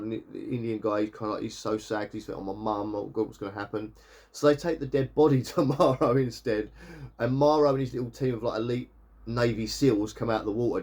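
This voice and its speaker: A man talks through a TV episode in a loose, chatty recap. His voice sits a little on the low side, and he rambles and catches himself mid-sentence. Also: darkish tone. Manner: rambling, chatty retelling with quick self-corrections. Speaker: TV reviewer.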